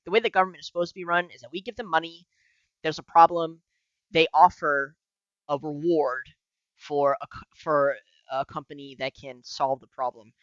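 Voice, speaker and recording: A man with a fairly high, bright and forceful voice, chatting on a podcast with plenty of swearing and laughter. The recording is dry and a little dull and lo-fi. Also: no echo. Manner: profane, animated, laughs often. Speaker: podcast co-host. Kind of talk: casual political podcast chat.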